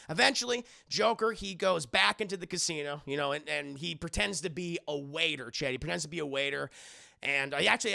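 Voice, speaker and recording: A man's voice: a little high, vocal fry, bright, forceful tone. A man recapping a cartoon episode for a live-stream chat in a rambling, profane, casual way, often addressing the chat. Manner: rambling, cursing, talks to chat.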